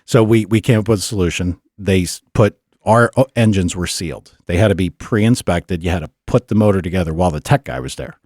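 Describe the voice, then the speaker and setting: Man, low voice, lively storyteller, dry studio sound. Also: brisk, hardly any pauses, dry recording. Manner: animated storyteller, laughs often, acts out quotes. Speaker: podcast co-host. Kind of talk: casual storytelling chat.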